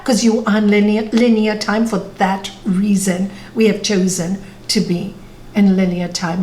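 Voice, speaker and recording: A woman spiritual teacher answering audience questions on a video call, telling stories earnestly and correcting herself as she goes. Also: mid-range voice. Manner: storytelling, warm and earnest, with self-corrections. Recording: echoey video call room with faint noise.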